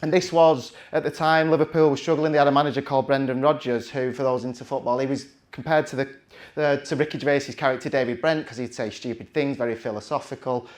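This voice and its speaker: A man's voice: mid-range voice, fairly even intonation, quick pace. A man, telling a chatty, self-mocking story from the stage with plenty of restarts. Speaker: conference speaker.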